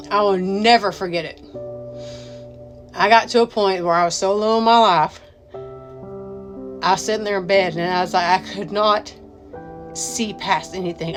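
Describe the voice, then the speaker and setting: A woman giving a raw personal testimony, repeating herself and swearing freely as she talks. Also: mid-range voice. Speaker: mother and business owner telling her story. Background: music.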